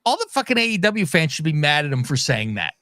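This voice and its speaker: Animated, swearing man recapping wrestling. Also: on the high side, fast talker, no echo, studio quality. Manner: profane, animated recapping with quoted voices. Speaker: podcast co-host. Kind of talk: casual wrestling talk.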